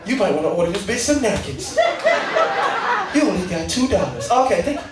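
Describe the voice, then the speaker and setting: A dry, matter-of-fact bank phone agent delivering bad news flatly, as a comedian acts him out. It sounds roomy and distant, as if heard from across a big hall. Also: male voice, high-pitched, a little fast, a loud crowd, heavy background noise.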